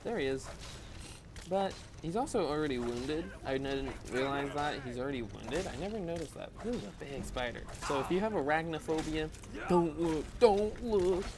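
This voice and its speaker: A man's voice: mid-range voice, background noise. A young adult man giving casual, rambling, self-deprecating gameplay commentary while tired and yawning. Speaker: gaming video host.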